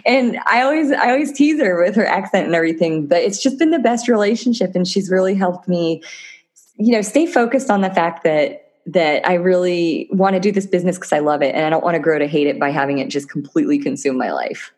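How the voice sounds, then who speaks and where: A woman's voice: lowish voice, fairly quick, darkish tone. A woman talking as a podcast guest in a casual interview, chatty and enthusiastic, often laughing. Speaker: podcast guest, physical therapist turned entrepreneur.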